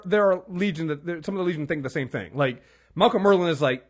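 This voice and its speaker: A man co-hosting a casual TV recap podcast, rambling and animated, swearing freely and acting out characters' lines. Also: on the high side, fast. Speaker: podcast co-host.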